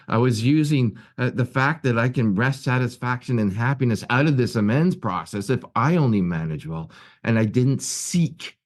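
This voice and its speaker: A man's voice: medium pitch, a little mellow. A man giving an earnest personal recovery share at a meeting, telling stories with many restarts and repeated words. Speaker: guest speaker at a recovery meeting. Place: his office at work.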